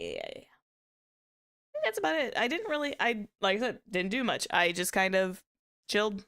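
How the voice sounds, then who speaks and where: Smooth-voiced woman chatting on stream. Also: medium pitch, fairly bright tone. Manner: chatty, rambling with many restarts and laughs. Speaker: VTuber streamer. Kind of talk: casual stream chat.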